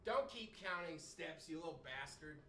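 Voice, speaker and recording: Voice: medium pitch, lively intonation, moderate pace, fairly bright tone, echoey room, recorded from a distance, a little hiss or hum. A streamer playing a story game live, muttering crude asides between lines. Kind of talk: live game playthrough, reading aloud.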